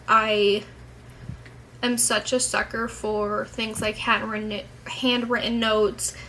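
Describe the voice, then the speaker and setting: A woman's voice: fairly high pitch, bright, forceful tone, slight background noise, low-quality recording. A young woman chatting casually to her camera at home as a vlogger, rambling and candid, swearing now and then.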